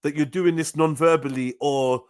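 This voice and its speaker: Man, casual livestream talk, slangy and lively, dry sound. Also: moderate pace, clear, resonant tone, no echo. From United Kingdom. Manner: animated, slang-heavy, swings from low and soft to loud and high. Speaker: livestream host. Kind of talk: casual chat.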